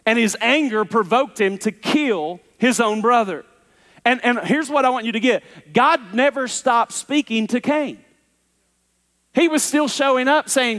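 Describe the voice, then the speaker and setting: A man preaching a sermon as pastor, emphatic, swinging from loud urging to low, intense tones. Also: measured pace. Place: church sanctuary. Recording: long reverb of a church hall.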